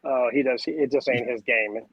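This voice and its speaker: A man, a podcast guest telling stories in a casual, animated way. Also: medium pitch, a little fast, husky, dry recording, highs cut off. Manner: animated, acts out voices and sounds. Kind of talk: casual storytelling chat.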